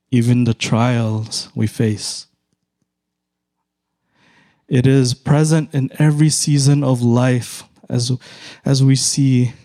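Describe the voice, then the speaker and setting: Filipino-accented middle-aged preacher, unhurried delivery, mid-pitched male voice. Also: dark tone. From Philippines. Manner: slow, measured, emphatic repetition. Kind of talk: sermon.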